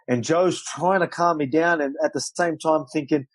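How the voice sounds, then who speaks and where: A man telling a fight story in a casual interview, animated and loose, acting out what people said. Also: fairly high pitch, moderate pace, dry recording, poor audio. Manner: animated storyteller, loose swearing, acts out quotes. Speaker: guest, professional fighter.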